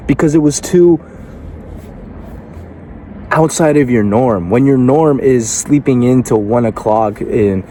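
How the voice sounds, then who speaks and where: A man's voice: mid-range voice, dark tone, slight background noise. Blunt man giving a profane motivational speech. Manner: rhetorical questions aimed at the listener. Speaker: motivational speaker.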